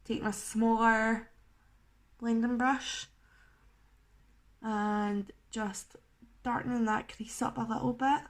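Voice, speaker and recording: A woman's voice: a little high, little pitch movement, slow pace, long pauses. A young woman chatting casually through a makeup tutorial, self-mocking and chatty, with the odd swear. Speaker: makeup vlogger.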